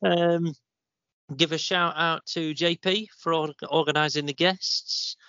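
Man, bright voice, cheeky banter, podcast co-host, dull dry lo-fi audio. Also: fairly high pitch, fairly even intonation, measured pace, no echo. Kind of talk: casual podcast chat. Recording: dry, dull lo-fi remote recording.

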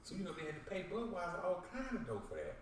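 An actor playing a brash young African prince with a Southern accent, talking in profane, boastful, rambling slang in a comedy interview sketch. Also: male voice, high-pitched, huge pitch swings, fast talker, a little hiss or hum. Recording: echoey room, distant mic, faint ambience.

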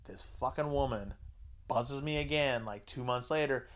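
A man hosting a podcast, telling a story in a casual, profane, animated way and acting out both sides of the dialogue. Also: medium pitch, normal speed. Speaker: podcast host.

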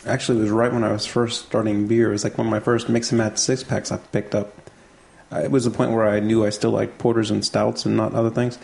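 A man's voice: lowish voice, little pitch movement, quick pace, gravelly, a little mellow. A man co-hosting a casual beer tasting show, chatting easily and thinking aloud with small restarts. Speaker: co-host.

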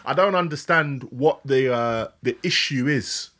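A man's voice: mid-range voice, unhurried, a bit bright. A man co-hosting a podcast, chatting earnestly, repeating himself and checking the other host follows him. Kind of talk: casual chat.

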